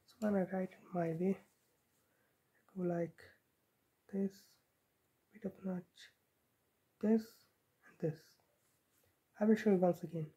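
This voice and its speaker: Slow, dark-voiced woman teaching handwriting. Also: lowish voice, lo-fi sound. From Himachal Pradesh, India. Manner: talks while writing, counting strokes aloud. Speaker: script tutor. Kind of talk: casual handwriting tutorial.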